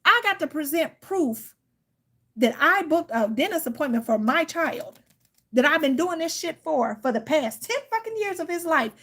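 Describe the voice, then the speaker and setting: Sounding weary and annoyed, a woman who runs a tarot channel tells her viewers an animated, swear-filled story, complete with quoted outbursts. Her voice is high-pitched and her pace moderate.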